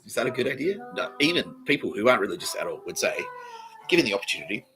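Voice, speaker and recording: A man's voice: medium pitch, sing-song, very fast, bright, forceful tone, soft background music, low-quality recording. An Australian man hosting a comedy podcast, rambling through a profane monologue and laughing mid-sentence.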